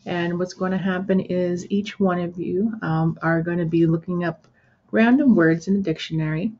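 A woman teaching a pronunciation lesson to an imagined class, pausing for their answers and using plenty of fillers like "uh" and "um". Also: lowish voice, steady tone, slight background noise. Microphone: screen recorder with built-in microphone. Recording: dull lo-fi screen recording.

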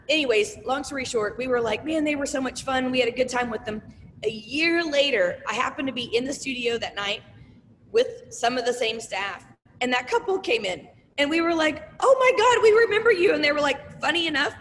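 A middle-aged woman who owns a small business, telling stories in a casual, animated interview and acting out the voices of people she quotes. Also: a little high, big-room sound, a little hiss or hum. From Oklahoma. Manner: animated, acts out quoted voices, tearful at times.

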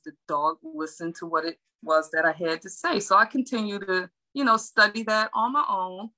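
A woman's voice: fairly low pitch, sharp tone, low-quality recording. A woman who trains and grooms dogs, telling her story in a friendly, chatty interview. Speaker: dog trainer and groomer, guest. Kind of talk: casual interview chat.

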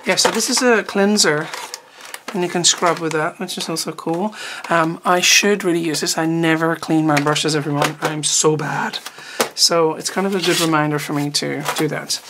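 An art teacher with a low voice chats casually at a moderate pace while unboxing art supplies. She rambles and often trails off mid-sentence, and there's noticeable background noise in the recording.

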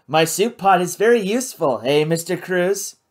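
A reader doing an odd, slow-spoken ship's chef. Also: mid-range voice, expressive, close to an everyday voice. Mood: amused. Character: eccentric middle-aged male ship's chef, cheerfully odd. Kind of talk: audiobook character voice.

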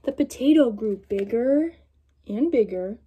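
Speaking a little slowly in a slightly rough voice on the high side, a young woman reads a picture book to children. She tells it in an animated style and keeps asking her young listeners questions.

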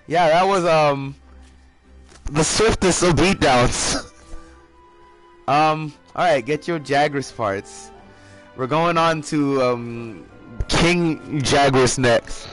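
A man's voice: fairly high pitch, extremely slow, long pauses, faint music behind. Cursing man streaming a hunting game. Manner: profane, excitable, laughs often. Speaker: gaming streamer. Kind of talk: casual live gameplay chat.

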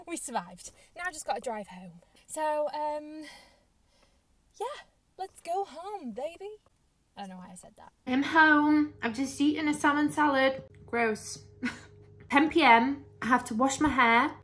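Young woman vlogger, a bit high, chatty and self-mocking, phone recording with busy street noise behind. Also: moderate pace, a bit bright. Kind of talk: casual vlog commentary. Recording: noisy street and crowd background.

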